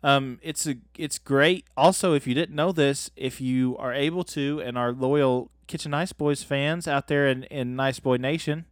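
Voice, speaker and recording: A man's voice: mid-range voice, steady tone, unhurried, hardly any pauses, dry recording, studio quality. A man co-hosting a comedy podcast, recapping an episode in a loose, joking way with plenty of fillers. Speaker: podcast co-host. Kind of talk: casual comedic chat.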